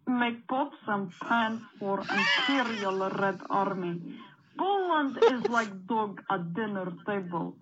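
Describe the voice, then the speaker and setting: A boastful Russian strongwoman taunts in broken English, as a woman puts her on. She speaks in a slow, deliberate, heavy put-on Russian accent. The sound is muffled and faintly hissy, like a voicemail message. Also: mid-range voice, a bit bright. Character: gruff boastful Russian woman, mock tyrant. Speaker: voicemail caller. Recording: dull voicemail line.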